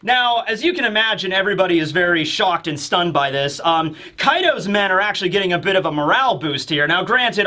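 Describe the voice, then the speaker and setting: A man's voice: on the high side, sharp tone. A young man hosting a casual comic review, rambling and joking. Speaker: host.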